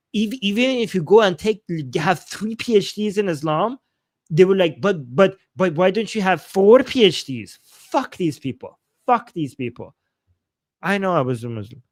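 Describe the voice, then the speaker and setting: A man's voice: a little high, no room sound, clean studio sound. A young adult man from Iran with an Iranian accent, his first language Persian, hosting a livestream and answering viewer chats in heated, profane, mocking commentary. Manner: angry, profane, mocking, loud outbursts. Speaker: livestream host reading super chats.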